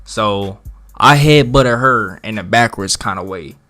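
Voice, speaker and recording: A man telling a wild story in a casual storytime vlog, slangy and profane, swinging from loud bursts to mutters. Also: fairly low pitch, unhurried, faint music behind.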